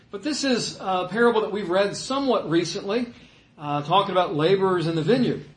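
A man delivers a sermon in a relaxed, conversational way, with joking asides and sudden bursts of emphasis. His voice sits a little high for a man. The sound carries the echo of a roomy church hall. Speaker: preacher. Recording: echoey room.

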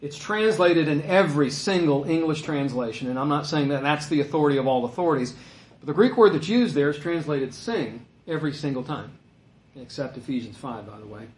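A man's voice: fairly high pitch, lively intonation, fairly quick. A man preaching a sermon, asking questions and answering them himself as he reads verses aloud. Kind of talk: sermon with scripture readings. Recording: echoey room.

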